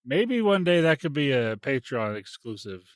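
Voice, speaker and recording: A man's voice: mid-range voice, very animated, normal speed, dry recording. A man in his thirties, co-host and engineer of a podcast, chatting casually with dry, wry humor. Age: 30s. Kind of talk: casual chat.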